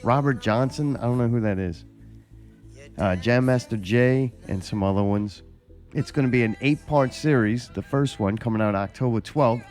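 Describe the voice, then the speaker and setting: A man's voice: mid-range voice, normal speed, a little mellow, faint music behind. A man hosting a podcast, telling a long, profane, rambling story in casual chat. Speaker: podcast host.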